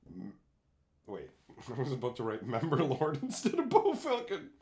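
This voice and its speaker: A man's voice: wildly swooping pitch, normal speed, a little mellow. A man in his thirties from Canada, chatting casually on his livestream, swearing freely and laughing often. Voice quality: swears a lot, laughs often, jumps into high squeaky voices for quotes. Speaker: streamer.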